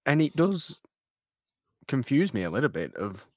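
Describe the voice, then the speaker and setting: A man's voice: mid-range voice, big pitch swings, moderate pace, dry recording. A man co-hosting a casual film review podcast, joking with dry, playful asides. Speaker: podcast co-host.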